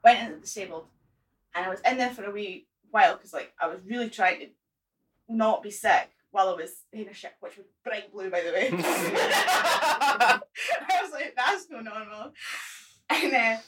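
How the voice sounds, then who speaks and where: A woman in her twenties telling an embarrassing story on a casual podcast, animated and sweary, laughing at herself. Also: medium pitch, moderate pace, recorded from a distance, a little hiss or hum, rough recording. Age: 20s. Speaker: guest.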